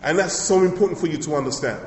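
A man's voice: a little high, fast. Emphatic male preacher in an echoey hall. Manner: emphatic, repetitive, rhetorical questions. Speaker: pastor. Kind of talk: sermon.

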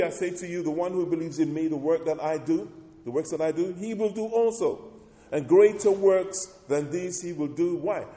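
Male pastor, mellow and fairly high, preaching in a big echoey church; builds to emphatic lines. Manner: preaching with rising emphasis, calls for amens. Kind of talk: sermon.

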